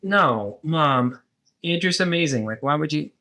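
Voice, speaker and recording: A man voicing an adult child who calmly and firmly confronts their mother in a therapeutic role-play. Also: a little high, unhurried, voice pushed up, full character voice. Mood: hesitant. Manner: earnest, steady, firm about boundaries.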